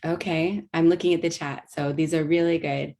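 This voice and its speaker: A woman with a low voice and a gravelly edge leads an online teaching webinar through a video call mic. She explains step by step, with plenty of ums and restarted phrases. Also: steady tone, moderate pace, warm tone. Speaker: workshop presenter.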